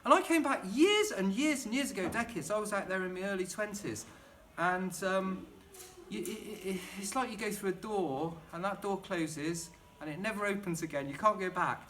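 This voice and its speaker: A man's voice: high-pitched, normal speed, a bit bright, a little hiss or hum. A middle-aged man chatting and rambling enthusiastically while demonstrating gardening at home in his kitchen. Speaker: gardening vlogger.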